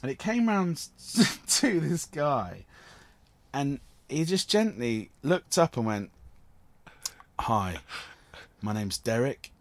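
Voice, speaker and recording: A man's voice: fairly high pitch, slow, creaky, no echo. Man telling a rambling story. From Cornwall, England. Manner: rambling, animated storyteller who laughs often. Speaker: guest actor. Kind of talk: casual interview storytelling.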